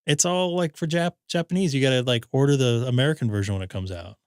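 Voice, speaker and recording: A man's voice: medium pitch, fast, clear, resonant tone, no room sound, clean studio sound. A man hosting a ham radio live stream, telling rambling stories in casual chat and acting out quotes. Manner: rambling anecdotes with acted-out quotes.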